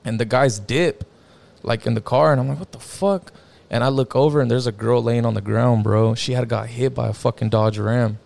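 A young man recounts a personal story in loose, casual chat, his voice heavily gravelly with a deep vocal fry. His talk is slangy and full of swearing, with "bro" and "like" dropped in constantly. His pitch sits at an everyday middle level. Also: steady tone, a little fast, a little mellow. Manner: slangy, profane, peppered with "bro" and "like". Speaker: guest telling a personal story.

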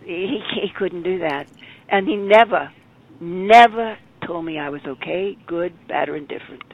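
A woman in her eighties telling stories as an interview guest, animated and acting out the people she quotes. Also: on the low side, moderate pace, no echo. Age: 80s. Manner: animated storyteller, acts out quotes. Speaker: guest performer. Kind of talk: storytelling interview. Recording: phone-like narrow sound.

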